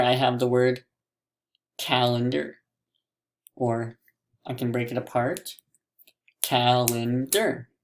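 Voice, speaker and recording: Man, teacher, mini lesson, slow deliberate pace, gravelly voice, drawn-out syllables. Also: mid-range voice, slight background noise.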